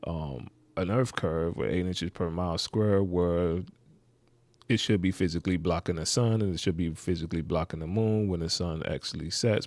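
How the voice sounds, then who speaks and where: A man's voice: low voice, a little mellow, no echo. A man hosting a reaction video, rambling and skeptical, muttering asides as he comments.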